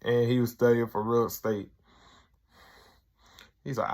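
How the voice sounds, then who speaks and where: A man's voice: mid-range voice, level tone, unhurried, darkish tone. A man reviewing a sketch show episode for his video channel, retelling it loosely with lots of "like" and "he's like".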